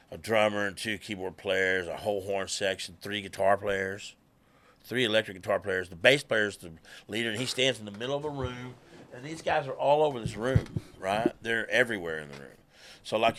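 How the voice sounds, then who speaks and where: A man, a musician guest telling stories in casual talk, animated and swearing freely. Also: fairly low pitch. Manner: animated, swears freely, acts out quoted people. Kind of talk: casual conversational storytelling.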